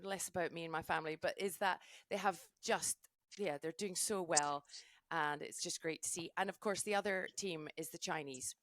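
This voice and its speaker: A middle-aged woman, a ski mountaineering race commentator, chatting as a podcast guest in a gushing, animated way with many restarts. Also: low voice, no room sound. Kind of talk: casual podcast chat.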